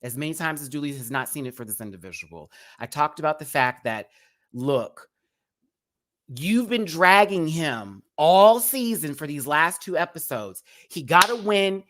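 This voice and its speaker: A man with a fairly high, fairly bright, expressive voice speaks a little slowly as he confronts a critic live on his review show. His rant is sassy and cutting, peppered with pet names such as sweetie and baby.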